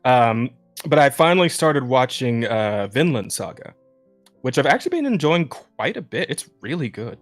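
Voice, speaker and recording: A man's voice: mid-range voice, big pitch swings, moderate pace, soft background music. Rambling, cursing young man on a podcast. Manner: rambling, profane, laughs often, many restarts. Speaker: podcast co-host. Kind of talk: casual chat.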